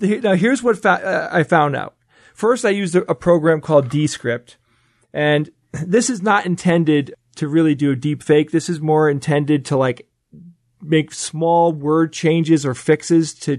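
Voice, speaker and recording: A man with a slightly high voice chats eagerly on a podcast panel, often restarting his sentences as he explains. The recording is dry and close, with no room sound. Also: measured pace, darkish tone, dry recording. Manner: enthusiastic, explanatory, frequent restarts. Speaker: podcast co-host. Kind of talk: casual panel chat.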